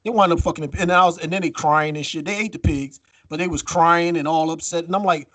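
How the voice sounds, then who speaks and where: A man cohosting a podcast, telling stories in a casual, profane, animated way. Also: a little high, brisk, hardly any pauses, no echo. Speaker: podcast co-host.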